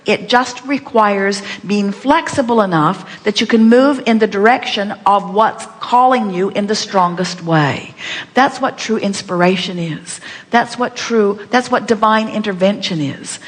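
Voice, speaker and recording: A woman leading a live seminar, teaching with playful, repeated rhetorical questions. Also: fairly high pitch. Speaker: seminar speaker. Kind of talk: inspirational workshop teaching. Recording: long hall reverb.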